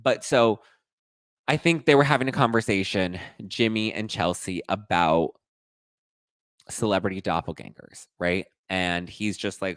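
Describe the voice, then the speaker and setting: A man hosting a podcast and dishing gossip in a sassy, animated way, acting out quotes in different voices. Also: low voice, normal speed, clear, resonant tone, no echo. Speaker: podcast host. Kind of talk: casual gossip commentary.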